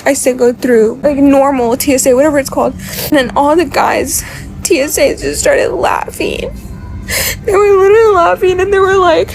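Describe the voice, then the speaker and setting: A woman's voice: very high-pitched, brisk, darkish tone. A woman telling an upsetting story in a tearful, upset way, swearing as she goes. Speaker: vlogger. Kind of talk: casual storytelling to camera.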